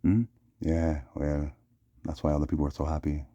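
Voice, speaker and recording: A man's voice: a bass voice, completely flat delivery, brisk, dark tone, no echo, muffled recording. A man delivering a rambling vlog monologue, repeating "yeah" and "yes" as refrains. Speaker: vlogger.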